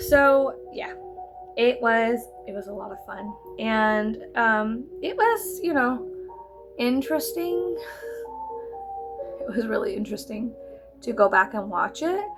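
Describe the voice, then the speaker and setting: Brief: thirties woman, chatty makeup vlogger, gravelly, a bit high, music playing under her. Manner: animated, swearing, giggly storyteller. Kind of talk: casual chat while doing makeup.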